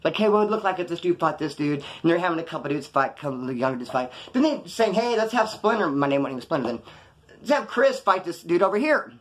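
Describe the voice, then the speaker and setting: A man's voice: on the high side, big pitch swings, fast. A man telling a rambling, profane story about his past, acting out the scenes as he goes. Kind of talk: casual storytelling.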